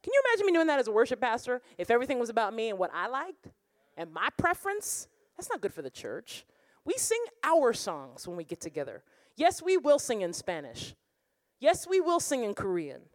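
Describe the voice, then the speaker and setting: A woman worship pastor preaching a lively sermon, laughing and breaking into song now and then. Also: a little high, fairly quick, dry recording. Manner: animated preaching, bursts of laughter, sings lines. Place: church or conference room.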